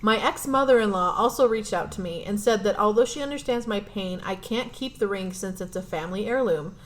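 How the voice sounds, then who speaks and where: A woman co-hosting a podcast, reading an online post aloud in a steady voice and chatting in between. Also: medium pitch, fairly quick, rough recording. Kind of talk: reading a story aloud with casual chat.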